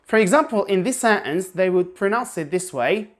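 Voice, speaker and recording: A woman's voice: medium pitch, expressive. A woman teaching English pronunciation in an online lesson, demonstrating sounds by repeating words with exaggerated intonation and often restarting her sentences. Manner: restarts often, halting explanations.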